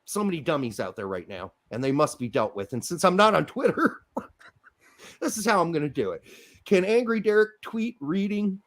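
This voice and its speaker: Animated ranting man with a high voice. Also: normal speed. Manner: animated, ranting, self-mocking. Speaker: podcast co-host. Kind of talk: casual ranting chat.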